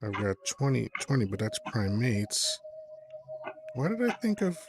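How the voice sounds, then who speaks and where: A man's voice: mid-range voice, sing-song, measured pace, over music. Rambling easygoing man hosting live. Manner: rambling, easygoing, thinks aloud with many fillers. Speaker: host of a live call-in stream. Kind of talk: casual chat. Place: live online stream.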